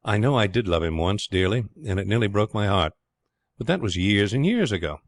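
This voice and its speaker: A man voicing a gentle middle-aged mother, speaking softly and composedly in a low voice with a dry close sound. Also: big pitch swings, a little fast, no echo. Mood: troubled.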